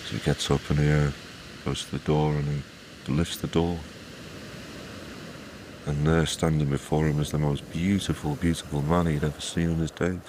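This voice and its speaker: A man with an extremely deep voice tells a folk tale at an easy, conversational pace. He repeats phrases for effect and drops in little asides, with faint noise underneath. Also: little pitch movement, moderate pace, pauses often. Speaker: storyteller. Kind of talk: oral folk-tale storytelling.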